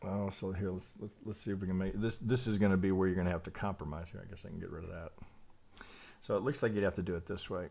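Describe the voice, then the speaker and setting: A man's voice: deep voice, fairly even intonation, quick pace, creaky, warm tone. A man teaching trading who thinks aloud while charting, hesitant and self-questioning, often repeating words and tagging lines with "right?". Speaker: trading educator.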